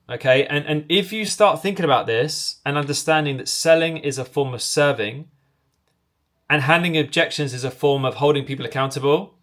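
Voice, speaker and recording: A man coaching salespeople, talking directly to the viewer and acting out both sides of sales calls in quick back-and-forth. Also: fairly high pitch, a bit bright. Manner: direct, commanding delivery. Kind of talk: instructional talk to camera.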